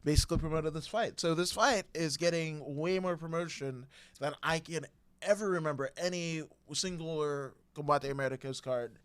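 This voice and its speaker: A man's voice: a little high, moderate pace, smooth. A man co-hosting a casual sports chat, rambling with many fillers and restarts. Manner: rambling, filler-heavy, self-correcting. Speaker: podcast co-host.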